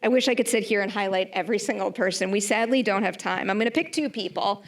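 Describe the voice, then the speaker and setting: A woman's voice: medium pitch, fast talker. Upbeat woman interviewer. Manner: upbeat, enthusiastic questions. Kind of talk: press junket Q&A.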